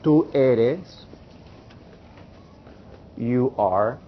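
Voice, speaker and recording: A man teaching a Spanish class, explaining slowly and repeating phrases for the students. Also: medium pitch, expressive, highs cut off, slight background noise. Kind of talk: classroom lesson.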